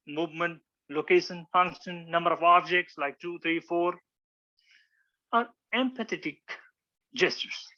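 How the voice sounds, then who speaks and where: With a sharp, rather high voice, this public speaking club instructor delivers an informal lesson with slides, acting out examples and frequently starting over. The audio is dull.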